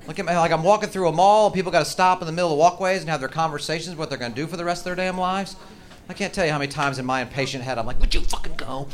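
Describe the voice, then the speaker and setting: A man's voice: a little high, rapid-fire. A man performing stand-up comedy with profane, mock-angry rants. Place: comedy stage. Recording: noisy live stage recording.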